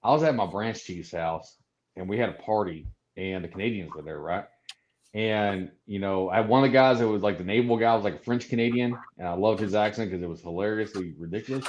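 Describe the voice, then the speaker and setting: Male guest, lowish voice, blunt and profane, lo-fi podcast sound. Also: a little fast, darkish tone, slight background noise. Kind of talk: casual chat. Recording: dull lo-fi sound.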